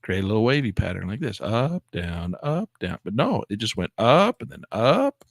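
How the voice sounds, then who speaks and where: A man giving excitable live commentary on his day trades, talking to himself and exclaiming as prices move. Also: lowish voice, moderate pace, creaky, no echo, studio quality. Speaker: day trading educator.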